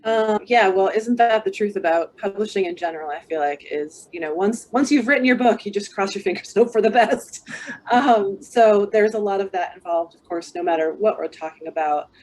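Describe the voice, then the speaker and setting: A woman's voice: medium pitch, brisk, a little mellow, slight background noise. Chatty woman book coach. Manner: thoughtful, many ums and restarts. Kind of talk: casual advice chat.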